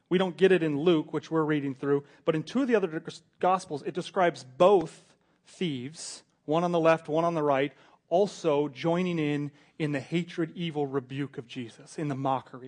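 A man preaching a sermon, earnest, repeating words and swinging between quiet, intimate stretches and loud emphasis. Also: a little high, moderate pace.

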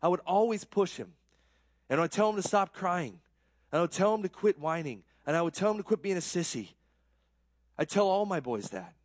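A man's voice: sits high, expressive, normal speed, no echo, studio quality. A man giving a conversational sermon, earnest and self-deprecating, often repeating words as he gets worked up. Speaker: pastor.

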